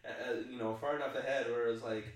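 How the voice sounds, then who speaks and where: A man's voice: mid-range voice, fairly even intonation, rapid-fire. A man co-hosting a podcast, chatting casually and laughing as he reminisces. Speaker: podcast co-host. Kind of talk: casual chat. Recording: very echoey room, far from mic.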